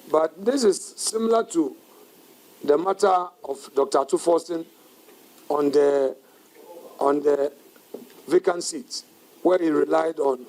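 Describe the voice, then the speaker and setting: A man with a fairly high voice speaks at a press conference. He talks in a measured, deliberate way, leaning into firm, defiant emphasis as he makes his points. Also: a little mellow, low-quality recording. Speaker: minority caucus leader at a press conference.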